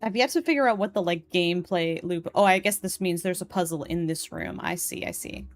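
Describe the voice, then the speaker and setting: A woman's voice: fairly low pitch, a little fast, soft background music. Polish-accented woman streaming a game. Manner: chatty, thinks aloud, reads game text and chat aloud. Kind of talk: live game stream commentary.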